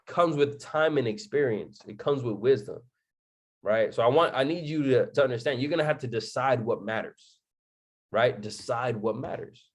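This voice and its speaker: A man's voice: mid-range voice, normal speed. A young man giving a motivational talk on a live stream, firing off rhetorical questions, repeating his points and asking "right?" to the chat.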